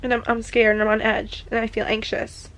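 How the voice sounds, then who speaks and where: A woman's voice: fairly high pitch, monotone, a little fast, creaky, fairly bright tone, poor audio. A young woman in a casual reading vlog, reacting emotionally as she goes and using "like" often, recorded in a room at home. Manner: emotional running reactions full of "like". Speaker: book vlogger.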